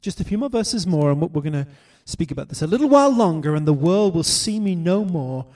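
A man preaching a sermon, reading scripture slowly and deliberately, swinging between loud declarations and soft hushed asides. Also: on the high side, expressive, distant mic.

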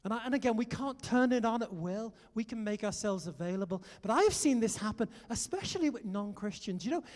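A British man preaching a sermon, telling stories and urging his listeners on in an animated way. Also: sits high, a little fast, few pauses, in a large hall. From Britain. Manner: animated storytelling, exhorting the audience.

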